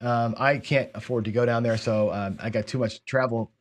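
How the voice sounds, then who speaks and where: A chatty male host runs a relaxed online interview from his home setup. His pitch sits in an everyday middle range, and he laughs easily and often repeats words as he talks. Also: normal speed. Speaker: show host. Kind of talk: casual video call interview.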